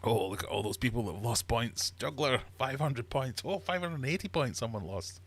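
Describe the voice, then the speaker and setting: A man's voice: mid-range voice, lively intonation, fairly quick, a bit bright, breathy edge. A man hosting a live-streamed quiz from his fish room, reading questions and teasing the audience in a playful, mock-uppity way. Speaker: livestream host and quizmaster.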